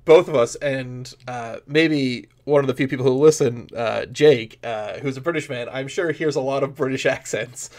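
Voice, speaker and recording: A man's voice: mid-range voice, moderate pace, few pauses, a little mellow. A man, a comedian and improviser, talking as a podcast guest and rambling through his points with lots of fillers and restarts. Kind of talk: casual podcast interview.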